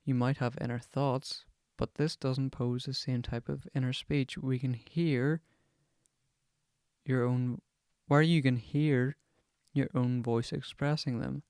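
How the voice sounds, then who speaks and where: Young male podcast host, swears a lot, even, steady delivery, smooth, dry sound. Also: mid-range voice, slow pace, dry recording. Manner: swears constantly, chatty and digressive. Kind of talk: casual rambling podcast monologue.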